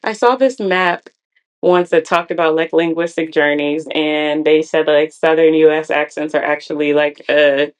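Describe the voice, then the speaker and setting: A woman's voice: low voice, steady tone, moderate pace, smooth. A young woman co-hosting a podcast in casual chat, laughing often and acting out what friends said. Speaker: podcast co-host.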